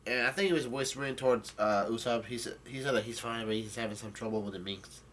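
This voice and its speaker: A man's voice: mid-range voice, fast talker, fairly bright tone, slight background noise. A man giving a loose, rambling recap of a comic chapter, stumbling over his words and restarting as he goes. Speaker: manga chapter reviewer. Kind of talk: casual chapter recap, reading lines aloud.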